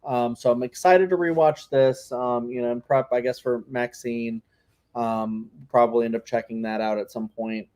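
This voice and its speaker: A man's voice: mid-range voice, steady tone, moderate pace, a little mellow. A man co-hosting a casual podcast chat, talking in a rambling way full of filler words. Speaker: podcast co-host.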